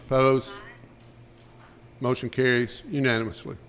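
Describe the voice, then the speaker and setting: A man chairing a school board meeting, running through motions and votes in a brisk, routine manner. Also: mid-range voice, level tone, a bit bright. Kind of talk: formal meeting procedure.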